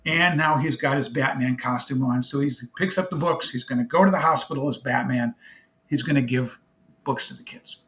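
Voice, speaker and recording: An animated man telling a story. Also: medium pitch, moderate pace. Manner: animated, emotional storyteller, acts out both sides of a phone call. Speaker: charity founder, guest. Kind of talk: interview storytelling.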